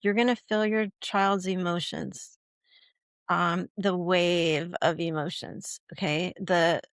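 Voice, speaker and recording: Speaking slowly in a steady, lowish voice, a woman guest expert on puberty education chats casually in a podcast interview. She often checks in with "right?" and "okay?" and now and then acts out quoted lines, in a studio-quality recording with no echo.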